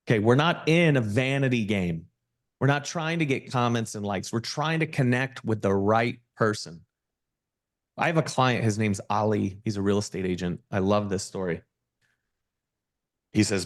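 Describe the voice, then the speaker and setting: A middle-aged man with a fairly low voice speaks as a guest, delivering an energetic motivational pitch. He talks with emphatic, preachy conviction and drives each point home. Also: normal speed. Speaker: guest speaker, personal branding agency owner.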